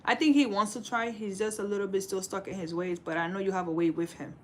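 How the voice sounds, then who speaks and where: A woman's voice: mid-range voice, steady tone, fast talker, slight background noise. Sassy woman in her forties giving advice. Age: 40s. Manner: sassy, preachy, calls everyone baby. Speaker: livestream host. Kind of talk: casual relationship advice to live viewers.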